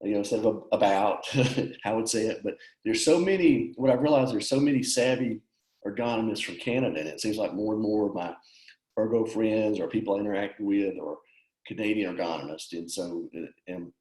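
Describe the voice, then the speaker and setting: A man's voice: lowish voice, fairly quick, a little mellow. A man with a Southeastern US accent giving a webinar presentation over a video call, in an easygoing, conversational way. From Alabama, USA. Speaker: guest presenter. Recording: echoey room on a video call.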